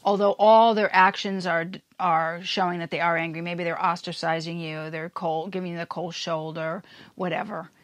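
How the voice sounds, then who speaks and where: A woman's voice: on the low side, steady tone, moderate pace, no echo. Emphatic woman podcast host, dry sound. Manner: emphatic, acts out quoted lines in passing. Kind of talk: casual explanatory talk.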